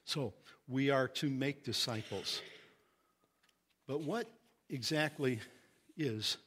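A middle-aged man from Indiana preaching a sermon as pastor, earnest and teaching, reading scripture slowly with emphasis. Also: mid-range voice, a bit bright, breathy edge.

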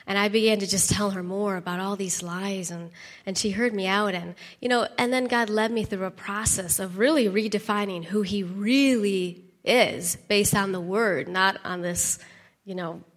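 A middle-aged woman, a pastor's wife, telling her testimony to a congregation in an animated way, laughing and dropping into whispered asides. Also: mid-range voice, moderate pace, in a large hall. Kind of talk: church testimony.

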